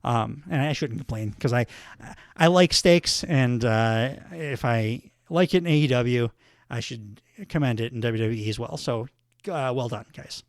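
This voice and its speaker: A man's voice: mid-range voice, unhurried, dry recording, studio quality. A man hosting a podcast, giving a casual, rambling recap of a wrestling show with plenty of fillers. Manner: rambling, filler-heavy commentary. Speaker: podcast host.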